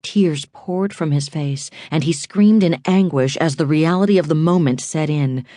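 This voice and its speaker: A woman narrating a crime thriller audiobook in a measured, suspenseful reading. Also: deep voice, mellow, no echo, studio quality.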